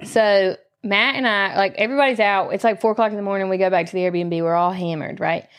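A woman musician with a mid-range voice talks at a quick pace on a casual podcast. She tells a story full of loud acted-out quotes and lively swearing.

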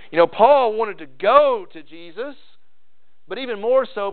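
Male pastor, sermon, folksy and emphatic, fairly high voice, smooth tone. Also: sing-song, unhurried. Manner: folksy, emphatic preaching with repeated phrases. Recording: tinny phone-like sound.

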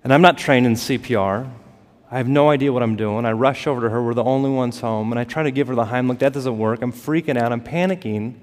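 A man preaching a sermon as pastor, building to emphatic peaks and dropping to soft, quiet lines. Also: medium pitch, quick pace. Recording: long reverb of a large hall.

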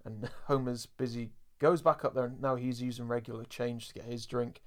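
A man's voice: mid-range voice, fairly even intonation, normal speed. A man co-hosting a podcast, chatting casually and laughing often as he recaps a cartoon episode, with lots of fillers. He is from England. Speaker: podcast co-host.

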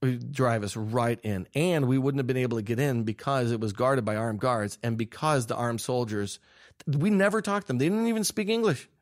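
Excitable young man telling a story. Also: mid-range voice, moderate pace. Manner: excitable, laughing, restarts mid-sentence. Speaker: guest filmmaker. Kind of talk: animated storytelling.

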